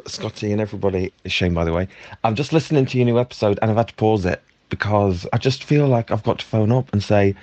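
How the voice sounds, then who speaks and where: A man leaving a gentle, comforting voice message for a podcast. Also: fairly low pitch, no room sound, lo-fi sound. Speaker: caller leaving a voice note. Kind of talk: warm voice message.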